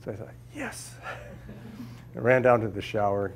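Male guest scientist from Minnesota, raspy low voice, wry storytelling with restarts. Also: steady tone, normal speed, slight background noise. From Minnesota, USA. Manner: humorous storyteller, repeats words while finding them. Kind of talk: anecdotal talk to a class. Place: lecture room with a live audience.

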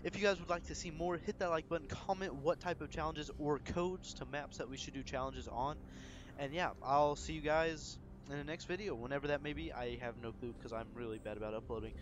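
A man with a slightly high voice hosts a gameplay session, bantering loosely with a friend. He gets excitable and gloats, breaking into frequent laughs. A faint hiss sits under his talk. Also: brisk. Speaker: gaming channel host.

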